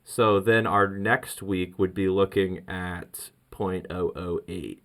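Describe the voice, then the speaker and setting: A man hosting a casual crypto vlog, rambling excitedly through trading charts with many restarts. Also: low-pitched, slow.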